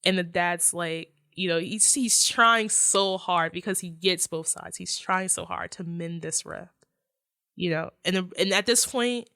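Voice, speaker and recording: A woman's voice: lowish voice, unhurried, bright, forceful tone, no echo. A woman guest on a movie podcast, animatedly retelling film scenes in casual chat and swearing freely.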